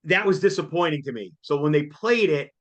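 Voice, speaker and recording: A man chatting as co-host with an excitable, jokey manner. His voice sits a little high for a man. He laughs easily between thoughts. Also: fairly quick. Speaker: co-host reviewing a concert. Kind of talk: casual chat.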